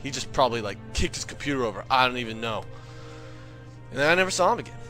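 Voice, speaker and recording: Animated young man ranting a gamer story. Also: medium pitch, fast talker, over music. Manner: animated, swings into shouted quoted voices. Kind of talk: comedic gamer rant.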